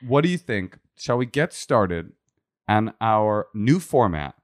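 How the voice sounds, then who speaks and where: Guy cohosting a comedy podcast, kinda low voice, wry and jokey. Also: sing-song, takes it slowly. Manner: joking, wry. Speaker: podcast co-host. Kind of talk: casual comedic chat.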